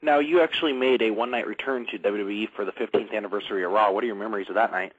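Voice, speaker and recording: A man's voice: lowish voice, rapid-fire, breathy edge, no echo. A man hosting a radio show, asking his guest brief, direct interview questions. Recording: dull lo-fi radio audio.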